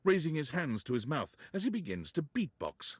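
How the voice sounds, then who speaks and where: A man's voice: fairly high pitch, very animated, moderate pace, breathy edge, dry recording. A man narrating scenes in a game with wry, dry description.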